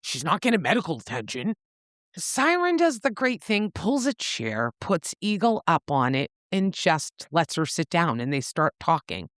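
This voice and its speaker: Lively woman recapping a book, swearing freely. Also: moderate pace, no echo, studio quality. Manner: animated storyteller, swears freely, acts out quotes with pitch jumps. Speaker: podcast co-host. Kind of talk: casual book recap chat.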